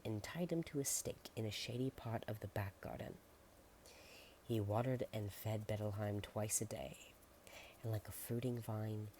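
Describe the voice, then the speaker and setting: A soft-spoken ASMR narrator reading a storybook aloud, slipping into whispers and making playful asides. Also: medium pitch, slight background noise.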